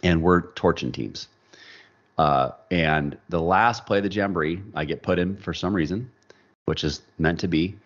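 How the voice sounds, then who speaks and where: In this lo-fi clip, a man with a low-pitched voice speaks at a normal speed while telling a personal story as a podcast guest. He's an animated storyteller who acts out the dialogue of the people he quotes, in a casual interview setting.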